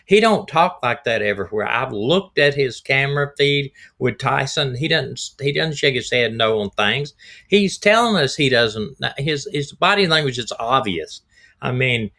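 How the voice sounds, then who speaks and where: A middle-aged man, slightly hoarse, hosting a rambling, folksy live stream as a retired detective. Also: medium pitch, animated, unhurried, pushed and bright. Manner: folksy, rambling, repeats himself. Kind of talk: casual live-stream talk.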